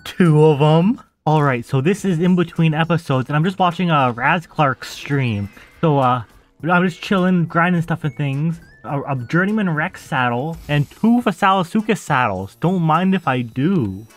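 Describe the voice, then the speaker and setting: Chatty gaming host, slightly high voice. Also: male voice, expressive, moderate pace, soft background music. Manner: chatty, easily exasperated, talks to the audience while playing. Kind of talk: casual let's-play commentary.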